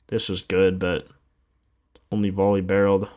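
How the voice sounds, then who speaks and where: Sleepy laid-back man with a low voice. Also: monotone, normal speed, darkish tone. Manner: laid-back, slangy, reads stats aloud and answers chat. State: sleepy, just woke up. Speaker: sports betting livestream host. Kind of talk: casual livestream chat.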